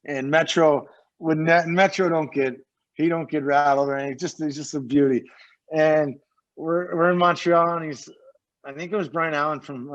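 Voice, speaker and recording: A man with a slightly high voice tells rambling stories as a podcast guest. He swears freely and acts out other people's lines as he goes. The recording sounds dull and lo-fi. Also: a bit bright. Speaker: guest, former pro hockey player. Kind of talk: casual podcast storytelling.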